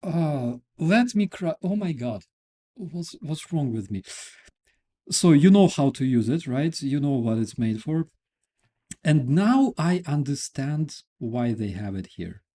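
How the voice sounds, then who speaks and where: A male host whose first language is Ukrainian gives casual news commentary in a slow, unhurried way. He is sarcastic and keeps breaking into laughter. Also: fairly high pitch, expressive, dark tone.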